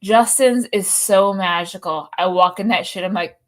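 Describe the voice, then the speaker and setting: A woman's voice: mid-range voice, normal speed, few pauses. A woman co-hosting a live show, chatting casually and telling stories with plenty of swearing. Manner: animated, profane storytelling. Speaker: podcast co-host.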